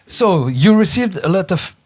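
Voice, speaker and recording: A man's voice: high-pitched, big pitch swings, normal speed, background noise. A man hosting a casual radio interview, joking and laughing easily as he switches between English and French. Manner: jovial, laughs often.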